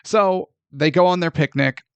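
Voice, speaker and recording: A man hosting a casual film review podcast, sarcastic and animated, swearing freely as he retells a plot. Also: high voice, normal speed, clear, resonant tone, no echo.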